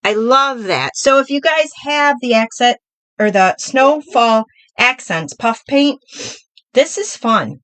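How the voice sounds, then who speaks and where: A woman's voice: a little high, expressive, takes it slowly, a bit bright, dry recording, low-quality recording. A middle-aged woman hosting a live crafting demo, chatty and upbeat, talking through each step while she works.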